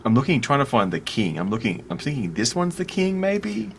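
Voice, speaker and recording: A man playing a tabletop game, describing his character's actions and sometimes bellowing loudly in character. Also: mid-range voice, wildly swooping pitch, a little fast, gravelly, a little hiss or hum. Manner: bursts into loud bellowing when in character. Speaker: player.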